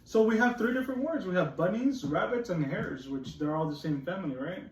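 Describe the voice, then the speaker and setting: A man's voice: high voice, animated, fairly quick. A man teaching a phonics lesson to children, patiently reading a picture book aloud and asking them about its rhymes. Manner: patient, explains rhymes and asks questions. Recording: roomy, distant, faint noise.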